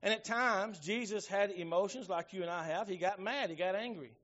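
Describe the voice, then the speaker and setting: A man's voice: sits high, a little fast, fairly bright tone, lo-fi sound. A middle-aged man, preaching a sermon in a folksy storytelling way. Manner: folksy storytelling with Southern phrasing. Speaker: pastor.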